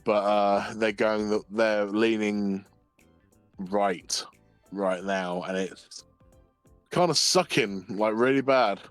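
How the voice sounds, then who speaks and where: Low-voiced man, giggly and sweary. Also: slow, faint music behind. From United Kingdom. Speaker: streamer co-host. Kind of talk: casual stream chat.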